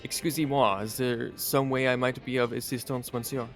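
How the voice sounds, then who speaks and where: A portly French sleuth holds forth with slow, self-important grandeur in a put-on French accent, as a man voices him for a game. The voice sits at a middling pitch, and faint game music plays beneath it. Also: steady tone, lightly acted. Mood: pompous.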